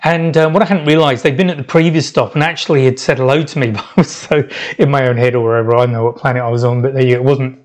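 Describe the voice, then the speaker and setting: A man's voice: medium pitch, fairly even intonation, quick pace. A middle-aged man hosting a podcast, telling a travel story in a rambling, reflective way with many restarts. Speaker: podcast host.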